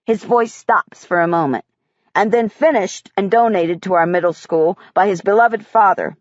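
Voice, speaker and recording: A woman reading a first-person audiobook in a measured, quiet way. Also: medium pitch, dry recording, highs cut off. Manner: measured, quiet child's-eye telling. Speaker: audiobook narrator.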